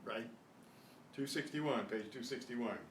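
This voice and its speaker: An older man teaching a Spanish class, slow and patient, often clearing his throat, recorded from a distance. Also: medium pitch. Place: classroom at a senior center. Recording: echoey room, mic at a distance, faint noise.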